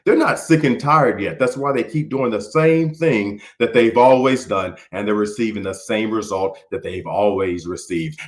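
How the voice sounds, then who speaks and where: A man from Houston, Texas, delivers a motivational keynote with a fairly low voice. He stacks repeated phrases into rising build-ups, drops almost to a murmur, then pushes hard for emphasis. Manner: preacher-like build-ups, repeating phrases and swinging from soft to forceful. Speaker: motivational speaker.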